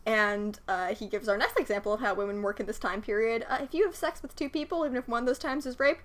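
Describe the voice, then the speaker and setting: A young woman with a bright, crisp, slightly high voice talks through a film with her co-host. She is blunt and dry, with casual profanity and quick sarcastic asides. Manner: blunt and sarcastic, swears freely. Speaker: podcast co-host. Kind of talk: casual movie discussion.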